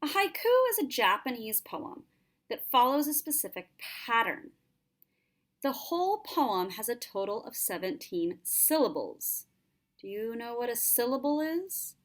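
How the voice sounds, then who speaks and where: A woman teacher giving a patient, clear lesson to students. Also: on the high side, sing-song, measured pace. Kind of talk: classroom lesson narration.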